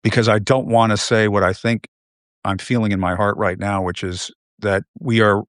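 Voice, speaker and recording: A male host speaking with anger and emotion, halting and repeating himself as he comments live. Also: lowish voice, a bit bright, no echo, studio quality.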